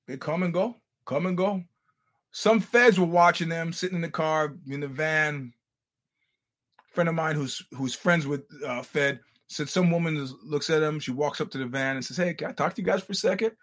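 An older man hosting a podcast, telling stories in a casual, animated, profane way with laughing asides. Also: a little high, normal speed. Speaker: podcast host. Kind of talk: casual storytelling monologue.

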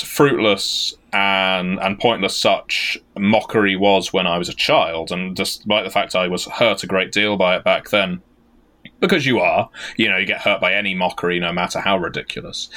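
A man's voice: low-pitched, bright, forceful tone. A British man co-hosting a podcast, chatting casually in a wry, rambling, self-deprecating way. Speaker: podcast co-host.

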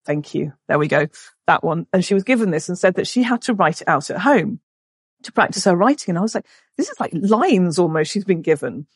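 A woman in her forties, a podcast guest, tells a personal story emotionally, halting and restarting often. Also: lowish voice, lively intonation, slightly rough, no echo, studio quality.

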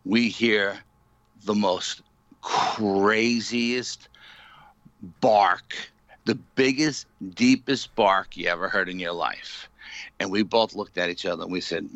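A man's voice: fairly low pitch, slow pace, fairly bright tone, no room sound, lo-fi sound. A man, a paranormal investigator, telling a story in an interview with lots of fillers, acting out what people said. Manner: vivid storyteller, many fillers, acts out quotes.

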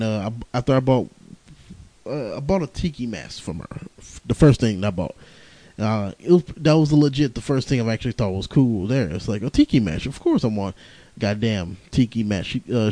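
A man's voice: mid-range voice, lively intonation, normal speed, dark tone, dry recording, rough recording. A young man hosting a podcast on his own, tired and rambling, cursing often and laughing through his stories. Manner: profane, laughing, rambling storyteller. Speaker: podcast host. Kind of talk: casual rambling monologue.

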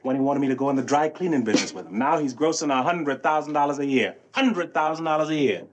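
A man's voice: a little high, fast talker, background noise, close to an everyday voice. An actor playing a frustrated grown man pleading with his wife, bitter, with a light island lilt, on an old film soundtrack. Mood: mocking. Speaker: film actor in a dramatic scene.

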